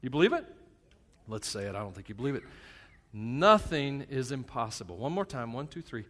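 A man preaching a sermon at a church service. He speaks in a plain, conversational, joking way, dropping to a hush one moment and shouting the next. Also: medium pitch, very animated, quick pace, slightly rough. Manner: self-described plain and a bit crass. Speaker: pastor. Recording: long hall reverb.

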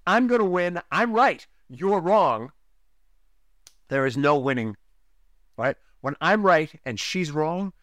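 A man's voice: medium pitch, dry recording, studio quality. A man hosting a relationship podcast, giving an emphatic teaching monologue and repeating key lines for effect. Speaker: podcast host, relationship coach.

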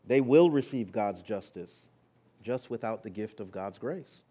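A male pastor preaching a sermon, moving between hushed, intimate lines and rising, emphatic ones. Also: lowish voice, animated, measured pace, slightly rough.

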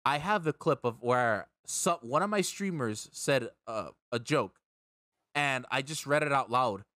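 A man's voice: mid-range voice, expressive, unhurried, pushed and bright, dry recording, studio quality. A young man hosting a casual chat, telling a long story in a rambling, profane way that repeats words as he gets worked up. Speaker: streamer and podcast host.

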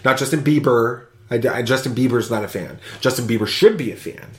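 Male podcast host, mid-pitched, animated reader of fan mail, echoey room. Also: brisk. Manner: animated, whoops and jokes while reading aloud. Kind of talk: casual chat, reading listener reviews.

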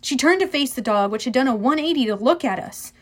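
High-voiced woman narrating an audiobook. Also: fast. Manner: lively first-person storytelling.

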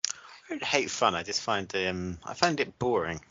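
Deep-voiced podcast host, bright edge. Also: male voice, sing-song, normal speed, highs cut off, a little hiss or hum. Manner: rambling, spinning far-fetched hypotheticals. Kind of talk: casual chat.

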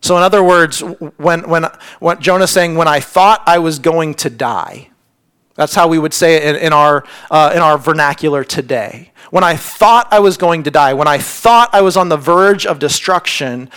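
Male pastor, higher voice, earnest sermon delivery with hushed drops. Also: moderate pace, clear, resonant tone. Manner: earnest, repeats words when stressing points; drops to a hushed near-whisper on key lines.

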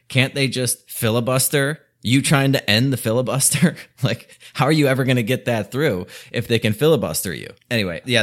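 A man's voice: medium pitch, a bit bright. A man hosting a podcast, giving opinionated political commentary in a casual, conversational way, often laughing as he talks. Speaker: podcast host.

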